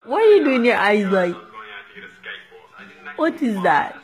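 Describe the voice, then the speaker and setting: A woman's voice: fairly high pitch, sing-song, slow. A young mother at home, laughing and teasing her baby in playful sing-song baby talk.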